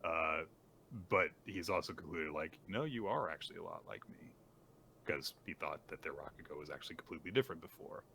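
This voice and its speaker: Deep-voiced, bright-toned man recapping manga. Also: gravelly, slight background noise. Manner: animated retelling with lots of fillers and quick voiced quotes. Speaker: podcast co-host. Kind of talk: casual chat recapping manga chapters.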